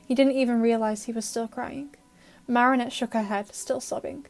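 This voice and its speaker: A woman narrating an audio fan-fiction story with steady, emotive storytelling. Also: a little high, normal speed, soft background music.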